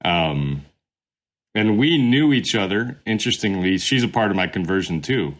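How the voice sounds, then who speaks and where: Middle-aged man, low register, loose conversational storyteller who circles back and restarts. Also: animated, moderate pace. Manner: rambling, many fillers and restarts. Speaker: podcast guest, former pastor. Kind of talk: casual storytelling interview.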